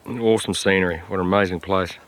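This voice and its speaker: A man talking to camera during a mountain hunt, relaxed and chatty, with plenty of ums and uhs, recorded outdoors on a steep slope. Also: sits low, fast, low-quality recording. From Australia. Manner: relaxed, chatty, lots of filler words. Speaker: hunter filming a hunt. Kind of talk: casual on-camera hunting vlog.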